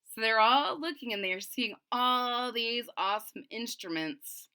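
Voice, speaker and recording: A woman reading a children's picture book aloud, stopping to explain and build suspense. Her voice is bright and lively, and her pace is slow and unhurried. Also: on the high side, clean tone. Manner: animated, explains story to children. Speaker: storybook reader.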